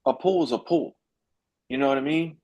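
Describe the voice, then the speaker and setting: A man coaching a group on a video call, emphatic and animated, repeating his points to drive them home. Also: medium pitch, fairly quick. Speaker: business coach.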